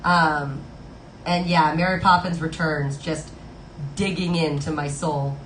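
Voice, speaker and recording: A woman in her thirties streams live, playing Disney songs on request and chatting casually with viewers while reading their comments aloud. Her voice sits low and is fairly bright, with a steady tone and slow pace. The room is echoey with music playing, and there's a little hiss or hum.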